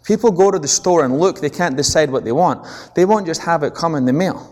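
Animated Scottish man giving a seminar. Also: on the high side, fairly quick. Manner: animated storytelling, checks in with the audience. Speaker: seminar speaker. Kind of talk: business seminar talk. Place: large presentation hall. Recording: long echo of a large hall.

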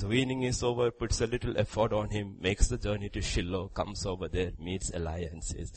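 An older man preaching a sermon as a grandfather and pastor, repeating short questions and commands, dropping to near-whispers and then rising to loud exhortation. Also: lowish voice, fairly even intonation, fairly quick, few pauses, breathy edge, rough recording.

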